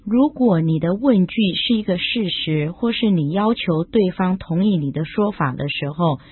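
A woman co-hosting a scripted radio language lesson, explaining each point in a clear, explanatory tone. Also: fairly low pitch, normal speed. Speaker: co-host explaining in Chinese. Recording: tinny phone-like broadcast audio.

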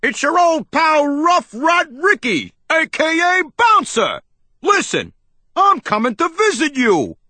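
Casting note: loud, high-pitched young rat buddy for an audiobook, shouty and lively. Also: male voice, takes it slowly, no echo, full character voice. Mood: brash. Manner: shouting, boisterous. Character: brash loud young male rat pal. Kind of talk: audiobook character voice.

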